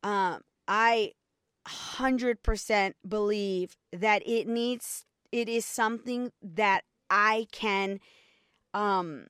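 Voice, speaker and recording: A woman's voice: mid-range voice, extremely slow, fairly bright tone, clean tone, no echo, clean studio sound. A young woman vlogger telling a personal story in a candid, chatty way, talking straight to her viewers.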